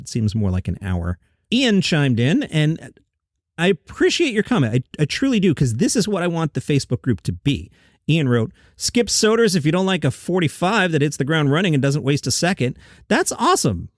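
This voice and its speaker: A man's voice: mid-range voice, dry recording, clean studio sound. A man hosting a comedy news podcast, chatty and opinionated, reading listener comments aloud.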